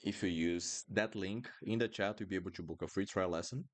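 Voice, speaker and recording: A man's voice: low-pitched, a little fast. A man with a Brazilian accent, a native Portuguese speaker, teaching pronunciation in a live online lesson and patiently repeating words for drills.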